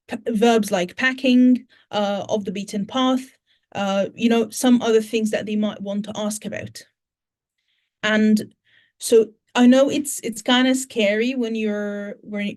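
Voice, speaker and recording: A woman's voice: medium pitch, darkish tone. A woman teacher trainer with a British English accent, answering audience questions at an online conference and explaining in steps, with many fillers and restarts.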